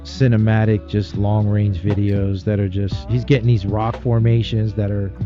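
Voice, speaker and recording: A man's voice: on the low side, level tone, moderate pace, highs cut off, music in the background. A man hosting a live stream, easygoing and agreeable as he introduces videos. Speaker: stream host. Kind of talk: casual live-stream chat.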